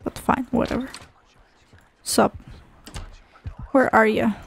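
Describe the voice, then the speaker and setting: A young woman creating gaming videos comments on a horror game as she plays, sarcastic and swearing often while talking to herself. Her voice is a little high, gravelly, slow and fairly even, with slight hiss or hum.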